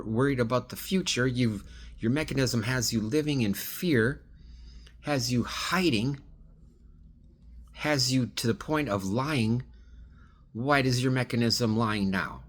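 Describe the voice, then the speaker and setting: Talking a little slowly in a mid-range voice, a man addresses a single absent person in a rambling video monologue, pleading with them while restarting and trailing off.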